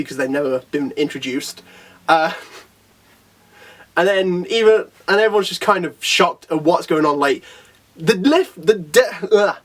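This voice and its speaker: A man walks through a comic chapter with real excitement, his pitch leaping up and down as he laughs and briefly acts out the characters. He sits a little back from the mic. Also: far from the mic. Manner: animated, laughs often, quotes characters in little voices. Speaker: anime reviewer. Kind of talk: excited casual chat.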